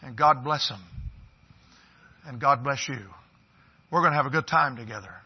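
A man's voice: mid-range voice, moderate pace, breathy edge. A man in his fifties preaching as a visiting pastor in a church, folksy and joking with the congregation. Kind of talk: sermon. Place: church sanctuary. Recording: dull lo-fi sermon recording.

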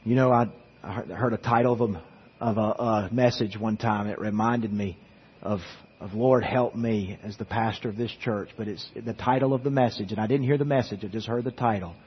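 Husky-voiced male pastor preaching earnestly. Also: on the low side, fairly even intonation, normal speed. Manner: earnest preaching with repeated words. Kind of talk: sermon. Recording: echoey church hall, dull lo-fi sound.

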